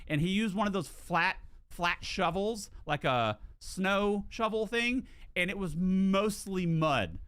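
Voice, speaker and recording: A male streamer chats casually while he plays, his voice swinging up and down with lots of life. The tone is bright and a little high. He swears freely and trips over his own words as he talks. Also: measured pace, smooth. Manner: animated, swears, restarts and repeats words. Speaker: game streamer. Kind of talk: casual livestream storytelling.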